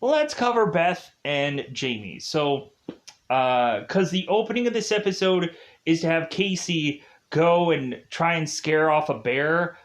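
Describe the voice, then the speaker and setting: A man's voice: on the high side, very animated, measured pace. A man giving a casual spoiler review of a TV show, rambling with many fillers and frequent laughs.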